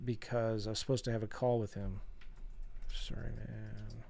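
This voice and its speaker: A middle-aged man talking casually as a real estate coach, telling a story and acting out old conversations with a self-deprecating, animated manner. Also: fairly low pitch, normal speed, vocal fry, a little hiss or hum. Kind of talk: casual storytelling to an online audience.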